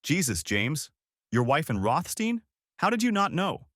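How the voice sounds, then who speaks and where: A man's voice: a little high, very animated, measured pace, a bit bright, no echo, clean studio sound, voice pushed up, full character voice. A man reading a shocked lawyer friend. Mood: incredulous.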